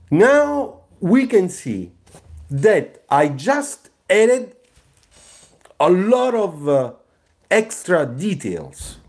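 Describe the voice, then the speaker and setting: Male design teacher; slow, lively delivery, keeps asking "you see?". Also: a little high. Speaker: car designer teaching sketching. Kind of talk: live drawing tutorial.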